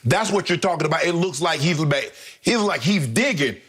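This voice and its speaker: A man co-hosting a sports debate show, talking casually with slang and steady agreement. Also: a little high, fairly quick, slightly rough. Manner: casual slangy, frequent affirming "right". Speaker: sports talk show co-host and former player.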